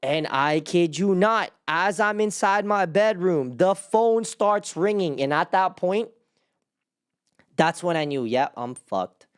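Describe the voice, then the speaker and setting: A young man hosting a casual chat, telling a personal story in a rambling way, with lots of "like" and sudden jumps up in pitch as he relives his panic. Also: takes it slowly, clear, resonant tone. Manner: rambling with many restarts and "like". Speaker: host.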